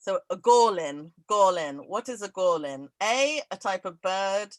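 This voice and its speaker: A woman hosting an online quiz over a video call, laughing often and reading each question twice, slowly. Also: mid-range voice, expressive, no room sound, low-quality recording. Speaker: event host running a quiz. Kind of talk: casual online event chat.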